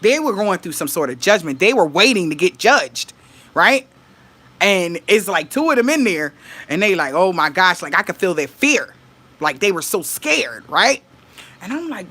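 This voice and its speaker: A woman's voice: mid-range voice, big pitch swings, normal speed, pushed and bright. A woman, telling a dream story to her viewers in casual vlog talk, laughing, swearing and acting out what people said. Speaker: vlogger.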